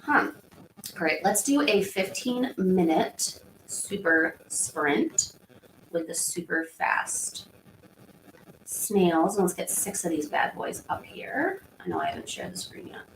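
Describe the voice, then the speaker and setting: A woman's voice: fairly low pitch, animated, slow pace, gravelly. A woman in her thirties hosting a livestream, chatting casually and rambling as she answers viewer comments. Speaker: livestream host. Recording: echoey room with faint background hum.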